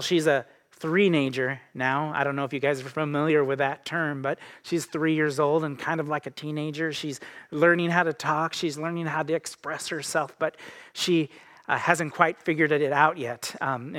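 A man in his thirties preaches a sermon in an easy, conversational way. His voice sits a little high for a man. He speaks earnestly and personally, often circling back to restart a phrase. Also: a bit bright. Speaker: pastor.

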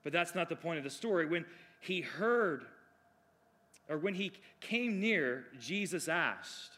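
A man preaching a sermon, moving between loud declarations and hushed, drawn-out phrases. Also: a little high, expressive.

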